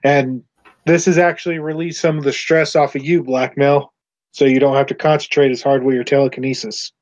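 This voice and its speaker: A man's voice: mid-range voice, level tone, a little fast, darkish tone. A man running a tabletop game as game master, often restarting his sentences. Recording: dull lo-fi recording.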